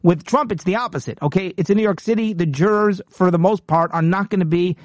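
A man's voice: sits high, a little fast, no echo, studio quality. A man hosting a political commentary show, talking in an emphatic, combative monologue with frequent repeats and restarts.

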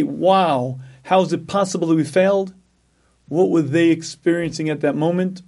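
Throat-clearing man giving a sermon. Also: fairly high pitch, a little mellow. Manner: frequent throat clearing, emphatic repetition. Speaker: rabbi giving a talk.

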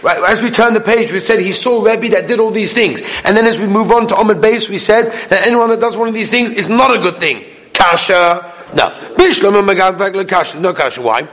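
High-voiced man chanting a Talmud lesson. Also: fairly quick, fairly bright tone. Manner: singsong study chant, mixing Hebrew and English. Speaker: Talmud teacher. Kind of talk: Talmud class lecture.

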